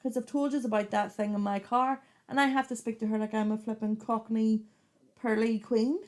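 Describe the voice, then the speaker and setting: A woman's voice: a little high, fairly even intonation, normal speed. A woman with a Northern Irish accent, co-hosting a casual podcast chat; she is chatty, tells stories with animation and laughs easily. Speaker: podcast co-host.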